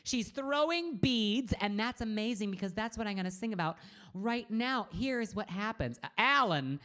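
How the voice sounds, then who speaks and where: A woman's voice: medium pitch, expressive, normal speed, fairly bright tone. Bubbly campy woman hosting a live stream. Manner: bubbly and campy, greeting viewers by name. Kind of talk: live-stream chat with viewers. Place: home room with a green screen.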